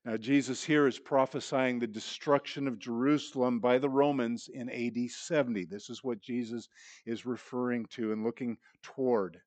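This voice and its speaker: A man's voice: medium pitch, fairly even intonation, normal speed, a little mellow, no room sound. Man, pastor, sermon, earnest teaching, rhetorical questions, repeated restarts, dry close sound. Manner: repeats words when restarting. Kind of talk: expository sermon.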